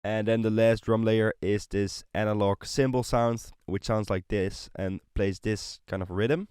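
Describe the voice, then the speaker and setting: Male tutorial host, low register, easygoing voice-over explaining a DAW session over loud beats. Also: unhurried, faint music behind. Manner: relaxed, explanatory, with frequent fillers like "kind of" and "like". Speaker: music production tutor. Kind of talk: screen-recorded production tutorial. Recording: voice over loud synth and drum loops.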